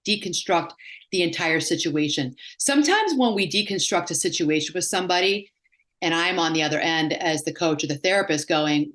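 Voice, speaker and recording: With a brisk pace and a voice on the low side, this woman, a psychotherapist and life coach, shares stories during a relaxed interview. She brings quoted people to life by performing their voices.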